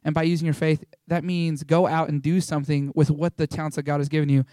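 A young man giving an informal, rambling testimony to a small church, excitable and full of fillers and restarts. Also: fairly high pitch, fast talker, no echo, studio quality. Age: young adult.

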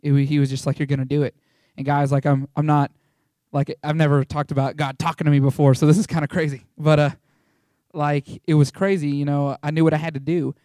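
Young man, church testimony, excitable rambling, slightly high voice, dry close sound. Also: fairly quick, no room sound. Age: young adult. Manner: rambling, excitable, many fillers and restarts. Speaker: church member giving a testimony. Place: small church.

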